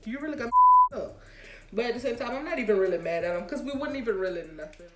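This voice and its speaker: A woman's voice: medium pitch, animated, fast. A woman telling a storytime story on her vlog in a chatty, slangy way, laughing often. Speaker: vlogger. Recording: roomy echo, faint music.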